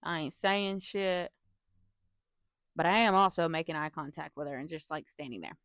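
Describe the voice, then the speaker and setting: A young woman telling a story from her school days in an animated, profane manner, with laughing asides to her viewers. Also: deep voice, normal speed, no room sound, clean studio sound. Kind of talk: casual storytime vlog.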